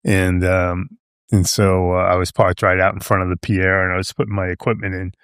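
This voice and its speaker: A man's voice: sits low, flat delivery, fairly quick, fairly bright tone, clear, resonant tone, no room sound, clean studio sound. An older American man with a New York accent, a veteran guest telling stories in a casual, rambling way, full of fillers and restarts and acting out what people said. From United States. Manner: acts out quoted voices. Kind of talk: casual storytelling.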